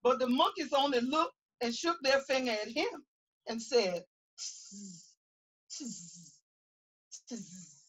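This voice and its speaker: Animated high-voiced woman reading aloud. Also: moderate pace, breathy edge, low-quality recording. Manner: animated, asks children questions. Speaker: pastor reading to young children. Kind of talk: children's read-aloud. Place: outdoors.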